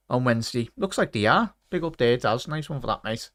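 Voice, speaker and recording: A man's voice: mid-range voice, animated, brisk, fairly bright tone, no echo, studio quality. A man hosting a football watchalong livestream, chatting casually and greeting viewers by name with "big up" and "mate". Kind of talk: casual live chat reading comments.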